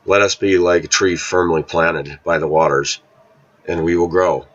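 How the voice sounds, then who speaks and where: A man telling a story in casual, rambling talk, often clearing his throat and repeating himself. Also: low-pitched, steady tone, moderate pace, a bit bright, highs cut off.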